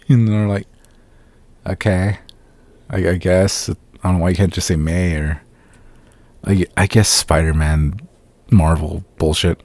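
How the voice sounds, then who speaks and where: A man with a low, mellow voice talks through a film review in a loose, profane, sarcastic way. He keeps slipping into mocking impressions of the characters. The sound is dry and close. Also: dry recording. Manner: profane, sarcastic, mimics characters in quick asides. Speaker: podcast host reviewing a film. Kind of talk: casual solo review.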